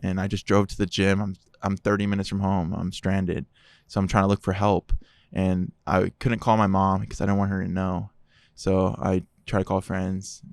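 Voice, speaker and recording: Gravelly low-voiced man telling his story. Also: no echo. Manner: animated, acts out quoted dialogue. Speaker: podcast guest. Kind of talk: personal testimony storytelling.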